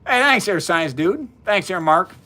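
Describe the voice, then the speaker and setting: A cheerful man in his fifties, voice sitting a little high for a man, chats casually with his live audience from his basement. He thanks viewers one by one in a friendly, folksy way, tossing out quick asides. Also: expressive, bright, forceful tone. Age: 50s. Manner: upbeat and folksy, greeting viewers by name. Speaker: science livestream host. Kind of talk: casual live-stream chat. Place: home basement.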